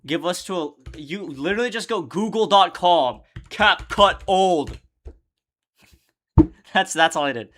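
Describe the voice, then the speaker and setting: A young man chats on a livestream while he edits, answering viewers with loose, profane jokes. His voice sits high for a man. The tone is bright and forward. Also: animated, measured pace, slight background noise. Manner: answers chat questions while working. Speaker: streamer editing his own videos. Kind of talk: casual livestream chat.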